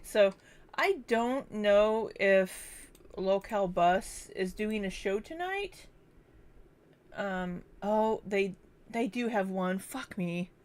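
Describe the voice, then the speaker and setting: A woman's voice: mid-range voice, darkish tone. A young woman hosting a casual livestream from her kitchen, chatting and greeting viewers by name. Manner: chatty, distracted, reads viewer names aloud. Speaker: livestream host. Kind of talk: casual livestream chat reading super chats. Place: home, kitchen.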